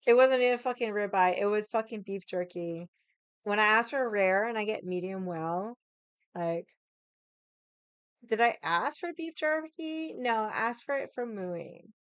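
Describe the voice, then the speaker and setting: A woman's voice: mid-range voice, a little slow, clear, resonant tone, no echo. Blunt, profane woman ranting, dry close sound. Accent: Boston. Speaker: vlogger. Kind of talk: casual rant to camera.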